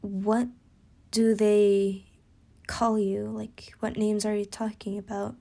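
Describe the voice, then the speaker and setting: A woman doing a calm, polite teenage boy. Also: medium pitch, takes it slowly, vocal fry.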